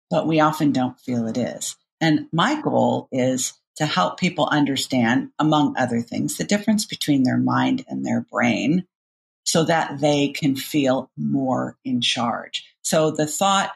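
A middle-aged woman coach with a gravelly, creaky edge to her voice explains ideas in a podcast interview. She talks with animated energy and acts out little inner voices as she goes. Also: sits low. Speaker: cognitive behavioral coach, guest.

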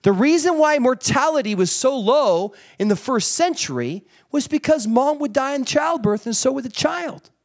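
A middle-aged man preaching a sermon, telling a story with animated energy and acting out family members. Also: extremely high pitch, moderate pace, hardly any pauses. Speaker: pastor.

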